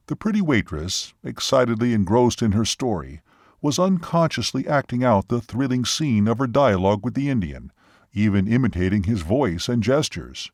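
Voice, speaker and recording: A man narrating a classic horror tale as a sleep story, reading in a steady, unhurried way. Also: medium pitch, dry recording, studio quality.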